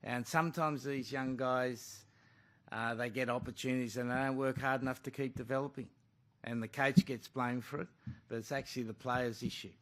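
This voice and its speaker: A man's voice: mid-range voice, fairly even intonation, normal speed. A man, a rugby coach, answering questions bluntly at a press conference and calling the questioner mate.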